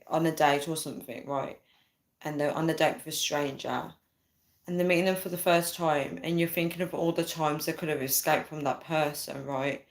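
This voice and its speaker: A young woman talks casually to her viewers in a slightly low voice. She tells a personal story and reads out live comments, keeps checking in with "right?" and "guys", and breaks into laughs now and then. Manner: chatty, frequent "right?" and "guys", laughs often. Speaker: vlogger reading live chat.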